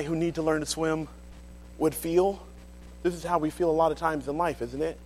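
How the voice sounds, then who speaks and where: A male pastor telling a humorous personal story in a sermon, animated and often laughing as he talks. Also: on the high side, normal speed, in a large hall, slight background noise.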